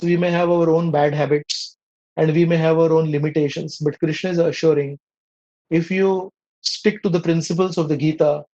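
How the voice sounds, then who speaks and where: A man's voice: on the high side, dark tone, dull audio. A man with an Indian accent teaching a scripture class in a conversational way, often asking his listeners rhetorical questions.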